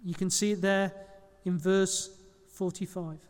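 High-voiced male preacher in a reverberant hall. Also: level tone, a little slow, smooth. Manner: conversational preaching with small slips and self-corrections. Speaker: pastor. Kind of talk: sermon.

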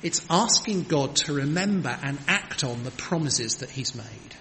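A man's voice: mid-range voice, animated, measured pace, bright, forceful tone. A man preaching a sermon in an earnest, emphatic manner, with rhetorical questions. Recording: long hall reverb, faint background noise.

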